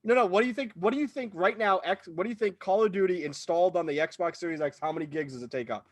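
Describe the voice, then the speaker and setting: A man's voice: high-pitched, fast, dry recording. A man hosting a gaming podcast in casual chat with friends, telling stories in a rambling, stop-start way. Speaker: podcast host.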